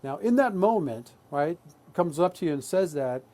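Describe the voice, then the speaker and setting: A man's voice: fairly high pitch, animated, normal speed, mellow. An adult man presenting a live workshop, talking earnestly and often checking in with "right?". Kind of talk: live online workshop talk.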